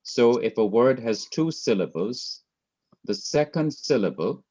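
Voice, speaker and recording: A man's voice: medium pitch, sing-song, measured pace, darkish tone. A man teaching a Hebrew class in a patient, repetitive lecture style, spelling out letters one by one. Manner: patient, repeats key points, spells out letters. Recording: dull lo-fi recording.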